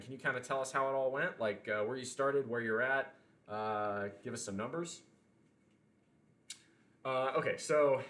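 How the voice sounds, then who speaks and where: Young male livestream host, loose and rambling, mid pitch, roomy sound. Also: a bit bright. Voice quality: rambling, chatty, with frequent restarts and casual swearing. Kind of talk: casual livestream chat, reading chat messages. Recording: roomy echo.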